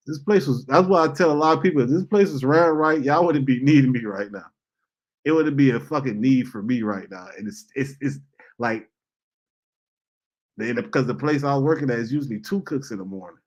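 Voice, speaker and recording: A man's voice: mid-range voice, expressive, normal speed, pauses often, muffled recording. Profane, blunt man ranting. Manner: blunt, profane storytelling with heavy slang. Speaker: host. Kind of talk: casual monologue.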